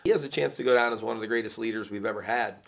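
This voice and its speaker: A man's voice: on the low side, rapid-fire, vocal fry. A man who is a football coach, praising a player in earnest, sincere words.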